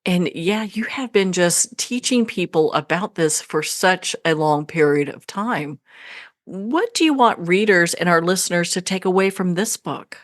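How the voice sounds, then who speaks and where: A woman's voice: on the low side, animated, a little slow, no echo, studio quality. A woman hosting a radio interview show, affirming her guest and asking questions. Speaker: radio talk show host.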